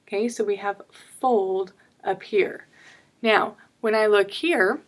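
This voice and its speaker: A woman teaching a phonics lesson to young children, patient and deliberate, spelling words out letter by letter and checking in with "okay?". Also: mid-range voice.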